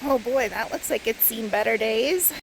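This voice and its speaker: A woman's voice: fairly high pitch, normal speed, vocal fry, noisy background. A woman vlogging on a solo road trip, chatting casually and straight to her viewers while she films herself. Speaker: travel vlogger. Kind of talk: casual solo vlog chat.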